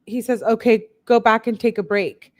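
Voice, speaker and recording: Slightly high-pitched and steady, this woman's voice keeps a moderate pace as she reads out text messages. A true-crime commentator, she raises her voice a little on the quotes and drops in frank, blunt asides.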